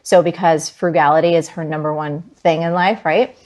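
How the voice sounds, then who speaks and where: A New Jersey woman in her forties, guesting on an interview, tells a personal story with animated, vivid energy and plenty of "like"s. Her voice is deep and her pace is normal.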